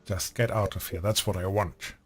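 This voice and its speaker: A man doing a curt gruff orc shaman. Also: sits low, steady tone, moderate pace, dry recording. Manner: curt, dismissive.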